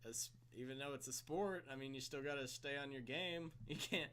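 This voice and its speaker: A young man with a bright, forward voice co-hosts a casual podcast. He rambles, stutters through thoughts and laughs a lot. A faint hum sits under the recording. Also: mid-range voice, fairly quick. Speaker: podcast co-host. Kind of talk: casual chat. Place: room with a friend.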